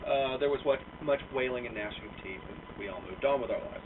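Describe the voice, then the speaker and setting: This young American vlogger speaks briskly in a mid-range voice, telling a meandering, foul-mouthed tale packed with fillers and jokes at his own expense. The recording is tinny, lo-fi, and off mic, picked up from a distance with background noise.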